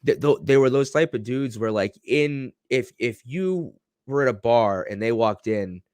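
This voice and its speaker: A man's voice: mid-range voice, expressive, unhurried, a little mellow, smooth, no echo. A man co-hosting a casual wrestling podcast, rambling with lots of fillers and restarts. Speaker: podcast co-host.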